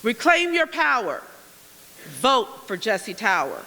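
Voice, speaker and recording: A woman's voice: on the high side, sing-song, slow, sharp tone. A woman running for mayor, giving firm and emphatic answers at a candidates forum. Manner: firm, emphatic, repetitive slogans. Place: school auditorium. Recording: reverberant hall.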